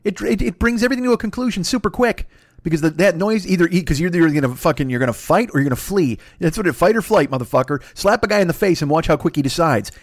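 Middle-aged male podcast host, rapid-fire profane comic rant, slightly high voice. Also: no echo, clean studio sound. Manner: crude, swearing, animated storytelling.

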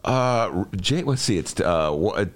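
An older man hosts a casual talk show in a studio. His pitch swings widely as he rants and then laughs at himself. He talks in an easy, animated way. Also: measured pace. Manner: animated, ranting and self-mocking. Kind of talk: casual radio-style chat.

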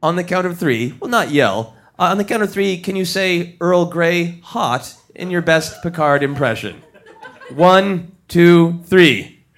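A man's voice: high-pitched, lively intonation, moderate pace, hardly any pauses, a bit bright. A man hosting a live podcast on a theater stage in front of an audience, upbeat and jokey. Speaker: podcast host.

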